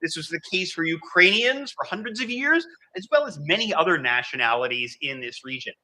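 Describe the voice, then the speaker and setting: Animated man giving a history lecture. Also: fairly high pitch, brisk, poor audio. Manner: animated, thinking aloud with many fillers. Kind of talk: academic lecture.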